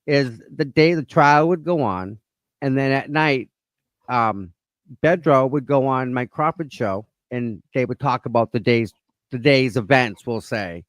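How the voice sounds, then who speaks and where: A man's voice: medium pitch, unhurried, no echo. Laid-back man hosting a stream, dry sound. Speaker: stream host. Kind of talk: casual chat on a live stream.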